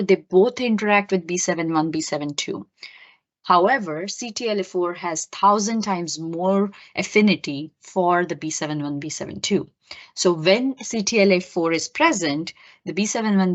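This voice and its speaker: A woman's voice: on the low side, muffled recording. A woman giving a recorded lecture, explaining step by step with many fillers and self-corrections.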